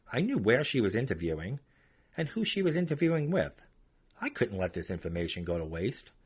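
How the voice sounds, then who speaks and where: Man, podcast host, low voice, lively delivery, blunt, sarcastic storytelling.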